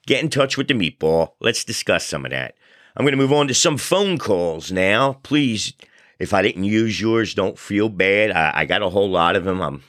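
Deep-voiced, forceful man hosting a podcast. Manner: chatty, loose, self-deprecating storyteller. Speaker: podcast host. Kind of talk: casual talk show monologue.

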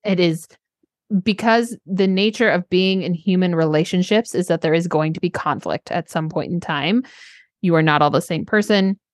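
A woman co-hosting a coaching podcast, talking in an earnest, animated way and acting out little quotes. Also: fairly low pitch, normal speed, no echo, clean studio sound. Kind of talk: casual podcast conversation.

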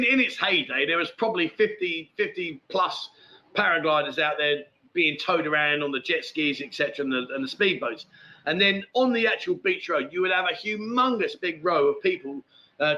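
A man's voice: a little high, bright, forceful tone, highs cut off. A man hosting a casual live chat show, rambling and matey as he answers viewer comments. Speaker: livestream host.

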